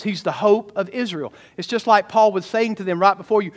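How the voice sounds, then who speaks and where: A man's voice: sits high, fast, few pauses. A man, a pastor, preaching a sermon emphatically and often calling out questions to his congregation.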